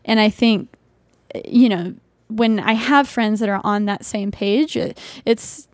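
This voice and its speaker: A young adult woman chatting casually as a podcast guest, full of filler words and lively asides. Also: mid-range voice, unhurried, no room sound. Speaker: podcast guest and video creator. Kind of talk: casual conversational chat.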